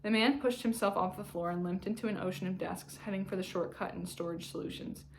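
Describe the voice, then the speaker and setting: A woman reading a novel aloud in calm, even narration. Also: fairly low pitch, fairly quick, a little hiss or hum, poor audio. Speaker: audiobook reader.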